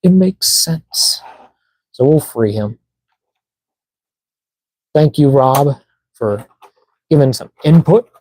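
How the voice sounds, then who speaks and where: Slow, mellow-voiced man unboxing toys. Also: mid-range voice, expressive, no echo, rough recording. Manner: muttering to himself while fiddling with packaging. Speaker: toy collector streamer. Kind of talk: casual live-stream unboxing chat.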